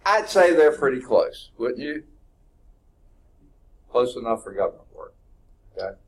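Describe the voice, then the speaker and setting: A man's voice: medium pitch, big pitch swings, unhurried. A middle-aged man, teaching a math class in an informal, folksy way and thinking aloud as he corrects himself. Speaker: math instructor. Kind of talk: classroom lecture.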